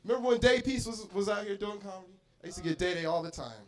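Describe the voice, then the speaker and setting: A young adult man from Arizona doing an animated stand-up comedy set in a bar, with loud bursts and acted-out voices. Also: high-pitched, fast.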